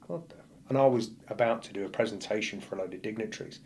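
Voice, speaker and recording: A man's voice: fairly low pitch, rapid-fire, noisy background. A male firefighter, a podcast guest, telling a painful personal story bluntly and vividly, acting out what people said. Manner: blunt, vivid retelling that acts out the dialogue.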